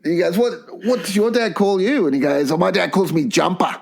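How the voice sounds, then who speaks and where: A man's voice: high-pitched, fairly quick, gravelly, darkish tone. A man co-hosting a comedy podcast, telling crude anecdotes with laughter. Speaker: podcast co-host. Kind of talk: comedic storytelling.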